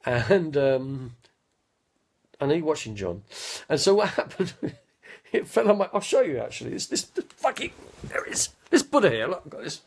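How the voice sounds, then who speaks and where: A man in his fifties telling rambling stories on a live stream, speaking slowly with a slight stutter and often losing his train of thought. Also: on the high side, very animated. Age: 50s. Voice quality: gravelly, husky. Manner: slow, halting, loses his train of thought. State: mild stutter after head injury. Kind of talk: rambling casual storytelling.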